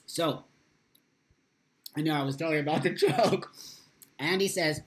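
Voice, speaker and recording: A man's voice: a little high, unhurried, long pauses, a bit bright. A man hosting a casual morning live stream, talking with passion, swearing freely and answering viewer comments. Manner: reads viewer comments aloud.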